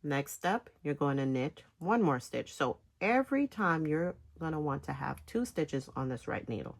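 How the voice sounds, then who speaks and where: A woman giving a casual step-by-step knitting tutorial, talking in halting phrases with pauses between them. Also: sits low, animated, gravelly. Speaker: knitting instructor.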